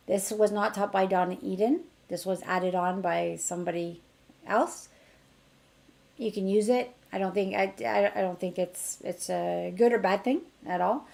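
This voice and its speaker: A middle-aged woman teaching an energy healing technique in a chatty online class, her voice rising brightly when she acts out what she tells others. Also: medium pitch, vocal fry. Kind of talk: casual online teaching demonstration.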